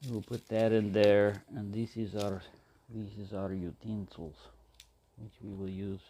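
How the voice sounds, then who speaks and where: A man's voice: fairly low pitch, flat delivery, a little slow, dark tone, slight background noise. A man talking casually to the camera as he cooks, rambling, talking to himself and answering in silly voices. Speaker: outdoor cooking vlogger. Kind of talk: casual talk to camera while cooking.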